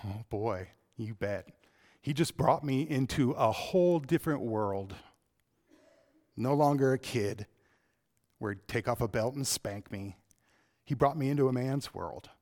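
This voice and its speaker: Recounting a personal story from the pulpit, a middle-aged man alternates between loud, emphatic passages and quiet, slow ones. He speaks in a mid-range voice.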